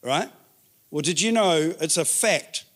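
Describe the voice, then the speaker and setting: A man preaching a sermon in an animated way, repeating words for emphasis. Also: a little high, unhurried. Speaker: pastor.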